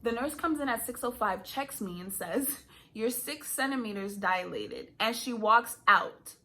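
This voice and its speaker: Bright, animated young woman telling a story. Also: measured pace, a little hiss or hum. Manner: animated, laughing, acts out quotes in high pitch. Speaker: vlogger. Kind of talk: casual storytelling.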